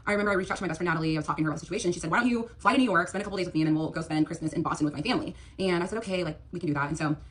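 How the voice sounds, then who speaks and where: Very fast and with few pauses, a young woman with a fairly low, breathy voice retells a dating experience in a TikTok storytime monologue. Fillers crowd her speech as she meanders and repeats the other person's words.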